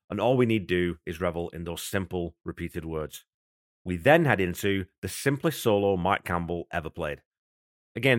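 A man with a fairly low voice hosts a music podcast, walking through a song's production in an easy, conversational way. He sounds enthusiastic about the music he is explaining. The recording is dry, with no room echo. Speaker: podcast host. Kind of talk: podcast song breakdown.

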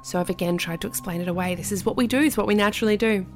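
Woman, creaky gravelly voice, casual storytelling, faint music underneath. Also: medium pitch, racing. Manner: animated, drops to whispers for creepy parts. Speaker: podcast guest.

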